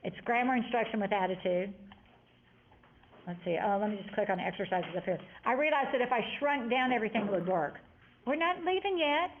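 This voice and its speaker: A woman's voice: medium pitch, a little fast, a little hiss or hum. A woman teacher giving a grammar lesson to a class, chatty and prone to rambling asides as she explains. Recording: tinny lo-fi classroom audio.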